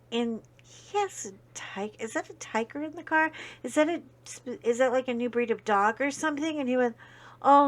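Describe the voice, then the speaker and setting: Woman just chatting away, telling a story, lots of asides and big reactions. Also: on the high side. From United States. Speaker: host. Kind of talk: casual chat while coloring.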